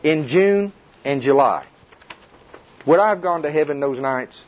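A man guides a small indoor Bible study informally, speaking folksily with lots of repetition and restarts while checking in with the group through questions. He has a slightly high, animated voice at a measured pace, and the dull, lo-fi recording has slight background noise.

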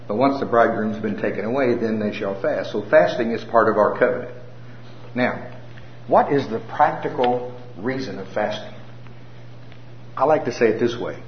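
A middle-aged man preaching a sermon with folksy humor and animated storytelling. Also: mid-range voice, moderate pace, a little hiss or hum. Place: church hall with a live audience. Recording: roomy, slightly dull sound.

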